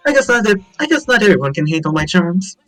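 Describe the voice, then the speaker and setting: A man's voice: high-pitched, big pitch swings, quick pace, a bit bright, soft background music, voice pushed up, low-quality recording. Vain charming heroine, as a man puts her on. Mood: vain, indignant. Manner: preening, self-assured. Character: vain charming young woman adventurer.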